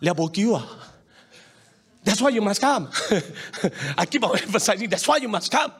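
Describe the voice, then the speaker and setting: A man's voice: high-pitched, sing-song, normal speed, breathy edge. A middle-aged man preaching a sermon. He talks emphatically, repeats himself and keeps calling on the congregation to respond, with frequent chuckles between points. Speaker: pastor.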